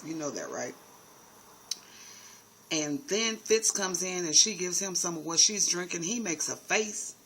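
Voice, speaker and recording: A man's voice: high voice, expressive, measured pace, pauses often, bright, forceful tone, a little hiss or hum, rough recording. A man giving a sassy, chatty TV episode recap, calling his viewers honey and baby. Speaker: TV recap host. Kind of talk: casual TV recap commentary.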